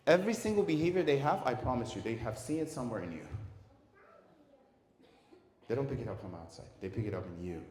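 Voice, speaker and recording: A man giving a talk on parenting to an audience. He is lively, asks the room questions and acts out the voices of parents and children. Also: mid-range voice, brisk. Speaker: lecturer at a community centre. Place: community centre hall. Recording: echoey hall.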